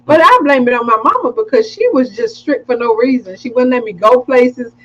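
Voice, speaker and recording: A woman in her forties co-hosting a casual livestream chat, telling family stories with animated flair. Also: high voice, brisk, muffled recording. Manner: animated storytelling, acts out her kids' voices. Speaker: co-host of a couples show. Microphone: webcam livestream.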